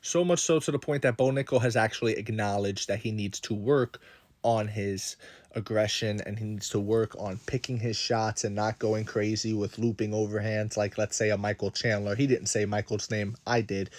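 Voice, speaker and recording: Male vlogger, lower register, dry close mic, opinionated and conversational. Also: darkish tone, no echo. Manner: opinionated, conversational, rhetorical questions. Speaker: MMA commentary vlogger. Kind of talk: casual opinion monologue.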